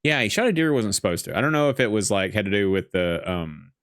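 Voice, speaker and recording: A man's voice: fairly low pitch, very animated, fast, fairly bright tone, no echo, clean studio sound. A man chatting casually as a podcast guest, joking and rambling while reacting to a movie, laughing often. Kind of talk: casual movie commentary chat.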